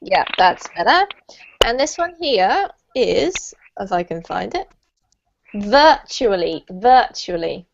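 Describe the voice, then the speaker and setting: A fairly high-voiced woman teaching English over a video call. She encourages her students and laughs often. She says each word slowly for them to repeat, and the sound is a little muffled. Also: big pitch swings, creaky. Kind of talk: online English lesson.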